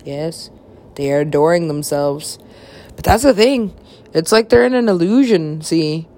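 A woman's voice: low-pitched, lively intonation, unhurried, darkish tone. A woman rambling in a drifting, profane monologue that often drops to a whisper.

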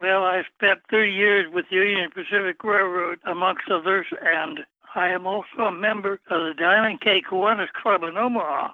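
An older man answering interview questions about his book in a plain, measured storytelling way. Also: sits high, steady tone, dry recording. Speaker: guest author. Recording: tinny phone line.

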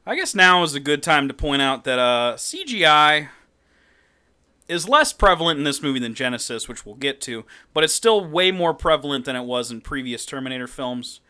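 Sarcastic podcaster man, bright lively voice. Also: a little high, normal speed, smooth. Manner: sarcastic, swears freely, acts out scenes. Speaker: podcast co-host. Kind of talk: casual movie-review chat.

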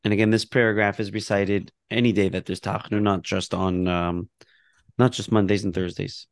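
A man's voice: on the low side, level tone, normal speed, creaky, dry recording, studio quality. A man teaching a casual lesson on a prayer book, reading passages aloud and explaining them with laughs and asides.

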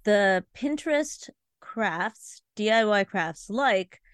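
A woman's voice: medium pitch, expressive, takes it slowly, smooth, no echo, studio quality. A woman co-hosting a podcast in casual chat, telling a rambling story in an agreeable, chatty way. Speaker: podcast co-host.

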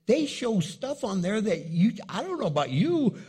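A middle-aged man preaching a sermon as pastor, animated and acting out little dialogues. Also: high-pitched, measured pace, hardly any pauses, breathy edge. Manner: animated, acts out dialogue with the congregation.

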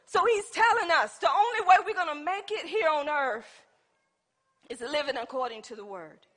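Woman preacher, very high and sharp voice, swings from shouts to soft asides in church. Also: normal speed. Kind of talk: sermon.

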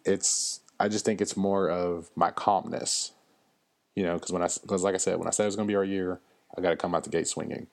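A man's voice: low-pitched, steady tone, a little fast, gravelly. A man, hosting a solo podcast and telling stories in a loose, chatty way with lots of fillers. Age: 30s. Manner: chatty, loose storytelling with frequent fillers and laughs. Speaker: podcast host. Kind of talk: casual solo podcast monologue.

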